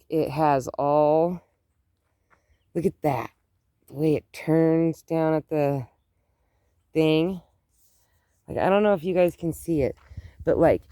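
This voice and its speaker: A woman's voice: low voice, creaky, dark tone, dry recording, studio quality. A middle-aged woman chatting casually in her garden as she films, rambling with lots of "like". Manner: rambling, says "like" often. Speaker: gardening vlogger. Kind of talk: casual vlog chat. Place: outdoor garden.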